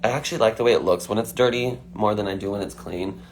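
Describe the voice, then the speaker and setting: Guy on a phone live stream, kinda low voice, chatty, says like a lot, faint hum behind. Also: fast. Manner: chatty, filler-heavy, frequent "like". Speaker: singer answering fan questions. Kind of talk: casual livestream chat.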